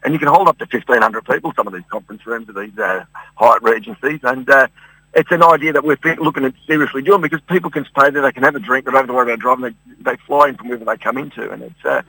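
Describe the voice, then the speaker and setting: A man's voice: medium pitch, rapid-fire, bright, forceful tone, breathy edge, no echo, poor audio. A man with an Australian accent, a guest singer rambling through a radio interview, restarting his sentences often.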